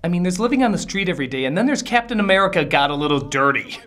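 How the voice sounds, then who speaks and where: A man hosting a comedic film review, sarcastic and exasperated, breaking into shouted outbursts. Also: high-pitched, very animated, fast, hardly any pauses, faint music behind.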